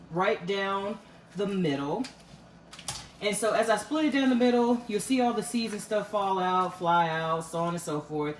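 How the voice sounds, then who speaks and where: A woman's voice: medium pitch, far from the mic. A woman, chatting through a home cooking demonstration in a folksy, storytelling way full of fillers. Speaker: cooking vlogger. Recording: roomy echo, mic set back, faint room noise.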